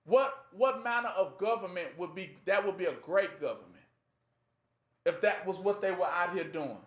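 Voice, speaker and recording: A man with a fairly high voice gives an informal Bible teaching in a plain, conversational way. He keeps asking his listeners to finish his sentences. The sound bounces around a roomy, echoing space. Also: expressive, moderate pace. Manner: rhetorical fill-in-the-blank questions to listeners. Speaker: preacher teaching scripture. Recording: echoey room.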